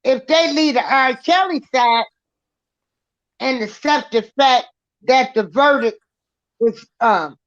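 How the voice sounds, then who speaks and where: Woman, live stream panelist, unhurried with fillers, slow pace. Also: high-pitched. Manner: unhurried, drawn-out recap with fillers. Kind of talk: casual live stream talk. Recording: dull, muffled stream audio.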